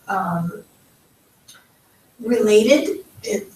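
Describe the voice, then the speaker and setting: American woman, language teacher, unhurried and careful, roomy distant recording. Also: a little high. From United States. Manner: patient, careful, spells out sounds slowly. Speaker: Hebrew teacher. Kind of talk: slow step-by-step language lesson. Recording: echoey room, voice from off-mic.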